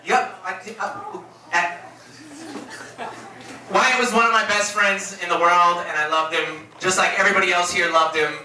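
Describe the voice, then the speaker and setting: A man giving a eulogy for his best friend, telling stories in a casual, animated way with laughs and swearing. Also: sits high, normal speed, pauses often, a little hiss or hum. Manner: animated, laughing storyteller who swears freely. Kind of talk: memorial speech, casual storytelling. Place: room at a memorial gathering. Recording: echoey room, distant mic, crowd.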